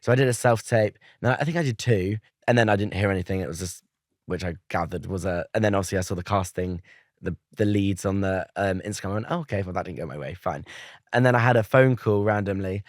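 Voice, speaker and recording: Young man, actor, fast talking, lowish voice, chatty storytelling. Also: fairly even intonation, dry recording, clean studio sound. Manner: chatty, quick storyteller who acts out other people's lines. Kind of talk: casual interview anecdote.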